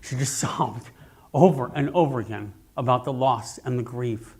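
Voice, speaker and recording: Animated man preaching a sermon. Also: medium pitch, normal speed, breathy edge. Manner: animated, jokey storytelling preacher. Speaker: minister. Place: church sanctuary, amplified on a mic.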